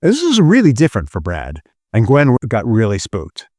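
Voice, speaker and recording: Man, low voice, dry close sound, earnest storyteller, relationship podcast host. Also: huge pitch swings, normal speed, dark tone, no echo. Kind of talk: teaching through a retold story.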